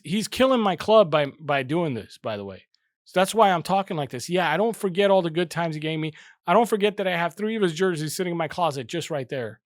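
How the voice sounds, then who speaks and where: A man's voice: on the high side, no echo, studio quality. A young man hosting a football fan channel, ranting heatedly and repeating himself for emphasis. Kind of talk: passionate casual rant to camera.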